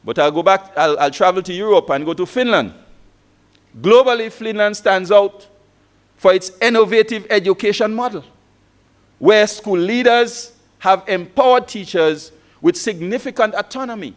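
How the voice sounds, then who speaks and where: Conference keynote speaker, man, high voice, tells stories with rhetorical questions. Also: moderate pace. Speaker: keynote speaker, former lecturer. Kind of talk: motivational conference talk.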